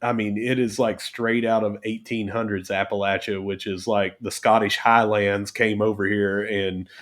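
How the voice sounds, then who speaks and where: A man's voice: fairly low pitch, normal speed. Chatty man. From southern West Virginia. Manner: chatty, animated storyteller. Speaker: guest podcaster. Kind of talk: casual podcast interview.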